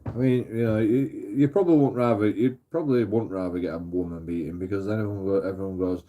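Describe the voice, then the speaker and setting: A man's voice: lowish voice, fast, warm tone, muffled recording. A man with an English accent, a streamer ranting casually to viewers, rambling and swearing, laughing at his own story. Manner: rambling, profane, laughs at himself.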